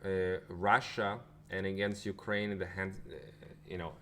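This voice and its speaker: Man, low-pitched, casual news commentary, loose and rambling, faint noise behind. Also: level tone, moderate pace, fairly bright tone. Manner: loose and rambling, many fillers and restarts. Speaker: crypto channel host.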